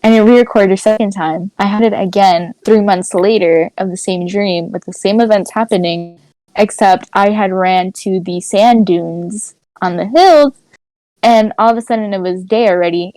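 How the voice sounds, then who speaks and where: Teen girl co-host, lively rambling storyteller, dry recording. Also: medium pitch, moderate pace, no echo, low-quality recording. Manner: animated storytelling, many "like" fillers. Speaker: podcast co-host. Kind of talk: casual chat.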